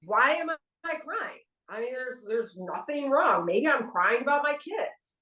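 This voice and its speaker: A woman's voice: high voice, sing-song, measured pace, sharp tone. A middle-aged woman co-hosting a casual spiritual podcast chat, candid and frank, swearing freely. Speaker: podcast co-host. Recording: echoey room.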